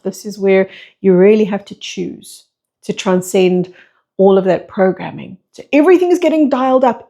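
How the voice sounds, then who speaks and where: A woman's voice: mid-range voice, vocal fry, warm tone. A woman speaking as a spiritual teacher and breathwork facilitator, delivering a flowing monologue full of repeated rhetorical questions.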